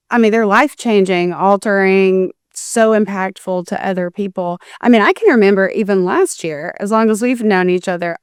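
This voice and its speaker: A woman's voice: medium pitch, clear, resonant tone, no room sound, studio quality. A woman co-host chatting on a talk show, emotional and rambling as she cuts herself off and restarts her sentences. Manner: emotional, rambling, self-interrupting. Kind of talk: conversational chat.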